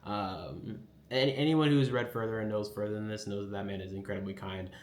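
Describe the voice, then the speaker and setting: A man's voice: lowish voice, fairly quick, slight background noise. A man giving a casual, rambling recap of an anime episode, enthusiastic and full of filler words. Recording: echoey room with faint ambience.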